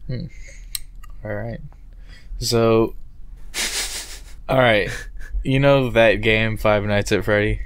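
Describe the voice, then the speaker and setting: A young man with a smooth, lowish voice, recorded close and dry. He speaks in an easygoing, hesitant way, pausing on ums. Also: level tone, no echo. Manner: laid-back, hesitant, many "um" and "uh". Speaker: podcast co-host. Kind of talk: casual chat about video games.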